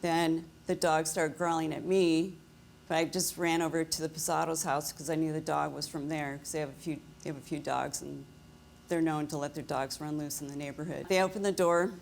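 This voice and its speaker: Low, flat-voiced woman giving testimony. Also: a little fast, vocal fry, slight background noise. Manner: detailed, steady storytelling. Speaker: plaintiff. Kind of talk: courtroom testimony.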